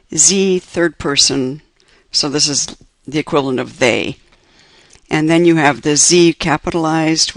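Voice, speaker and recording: A man with a gravelly, slightly raised voice talks slowly through a beginner German lesson. He explains patiently and goes over every example again. The sound is dry and close, with no room echo. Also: fairly high pitch, fairly bright tone. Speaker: German teacher. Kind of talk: lecture over slides.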